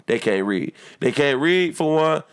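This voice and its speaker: A man's voice: on the high side, expressive, unhurried, smooth. A man from the United States arguing heatedly and emphatically in a casual podcast debate, swearing freely. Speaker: podcast co-host.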